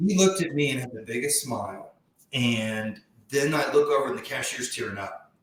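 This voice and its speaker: Male podcast guest, sincere reflective storyteller, mid-pitched, heavy room echo. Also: animated, a little hiss or hum. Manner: heartfelt, reflective, often slows down for emphasis. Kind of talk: earnest personal storytelling. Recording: very echoey room.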